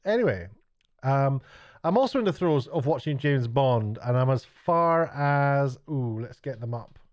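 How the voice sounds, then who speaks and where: Middle-aged male vlogger, mid pitch, rambling self-deprecating chatter, muffled lo-fi recording. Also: expressive, measured pace. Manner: chatty, self-mocking, stumbling restarts. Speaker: YouTuber and TV director. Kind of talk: rambling late-night vlog. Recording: dull lo-fi sound.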